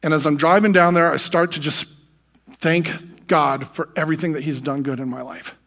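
A man with an American accent and a fairly high voice delivers a sermon built around a personal testimony. He speaks earnestly and with feeling, and his voice swells as he recounts his prayers. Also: a bit bright. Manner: earnest, emotional storytelling. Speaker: preacher.

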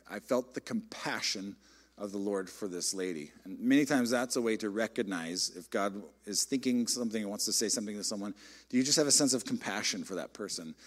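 A middle-aged man, a pastor, preaching a sermon in a conversational, animated storytelling way. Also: on the low side. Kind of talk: sermon with personal stories.

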